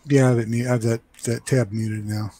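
A man making relaxed, offhand remarks in a casual group chat on a stream. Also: mid-range voice, brisk, husky. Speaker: watch party guest.

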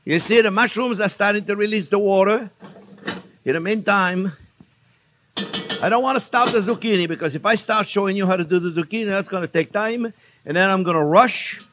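An older man, a chef hosting a cooking show, chats and jokes with viewers while demonstrating a recipe in his home kitchen. His voice sits high and moves briskly, with a noisy background.

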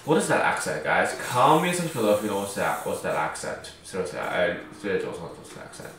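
A deep, very animated voice, fast and slightly bright, belongs to a gaming YouTuber doing loose let's-play commentary where he cracks jokes and fixes his own mistakes. Recorded from far away, the audio is heavily echoey with faint background noise.

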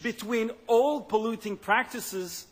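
A man's voice: sits high, slow pace. A man giving a political speech as party leader, emphatic and stumbling into repetitions at times.

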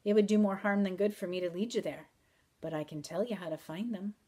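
A woman's voice: mid-range voice, brisk, dark tone, lightly acted. A woman reading a wry, mysterious wanderer. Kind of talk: audiobook reading.

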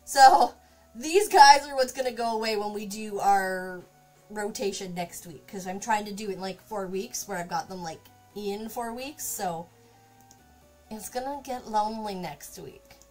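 A woman's voice: mid-range voice, measured pace, a little mellow, faint music behind. A woman streaming from her home craft workspace, chatting casually and talking to her cat while she works. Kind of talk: casual live-stream chat.

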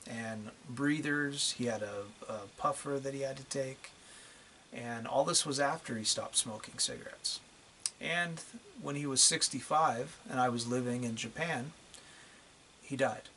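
A man's voice: mid-range voice, pushed and bright, slight background noise. A middle-aged man delivering a profane, angry rant on his channel, drawing out words for emphasis. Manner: drawn-out emphatic phrasing. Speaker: channel host. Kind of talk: vlog rant to camera.

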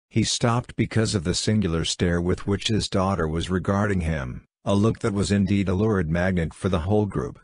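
Low-voiced man reading a classic story. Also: normal speed, hardly any pauses, a little mellow, no echo, clean studio sound. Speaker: audiobook reader. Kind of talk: scripted narration of a classic story.

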